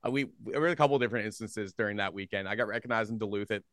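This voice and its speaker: Young male guest from the Philly area, bright crisp voice, rambling casual chat, dry close sound. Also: fairly low pitch, racing, no echo. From Philadelphia area, USA. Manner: loose and rambling, heavy on fillers like "like" and "you know", laughs easily. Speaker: guest, social media creator.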